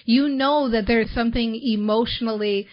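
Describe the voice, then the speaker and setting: A woman's voice: fairly high pitch, fairly even intonation, normal speed, lo-fi sound. A woman hosting a podcast, chatting enthusiastically and filling her talk with "like" and "you know". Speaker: podcast host. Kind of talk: casual interview chat.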